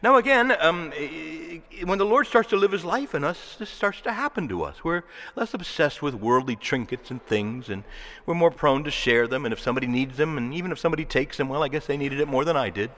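Animated male preacher in a reverberant hall. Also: on the high side, fairly quick. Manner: animated, acts out quoted voices and swings between loud and hushed. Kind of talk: sermon.

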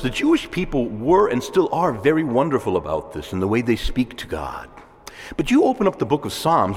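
A male priest giving a sermon in a conversational way, with asides and soft laughs. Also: a little high. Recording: long reverb of a church hall.

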